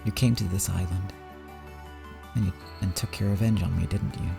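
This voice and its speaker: A man's voice: low voice, steady tone, normal speed, creaky, music in the background. Natsuhi, a bitter anguished noblewoman, read by a man. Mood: bitter, accusing. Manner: accusing, then pleading. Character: proud middle-aged woman, bitter and anguished. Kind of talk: reading a visual novel aloud.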